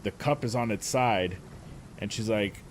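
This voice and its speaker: A man casually telling a story, animated and profane, often breaking into laughter. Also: fairly low pitch, unhurried, a little hiss or hum. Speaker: streamer.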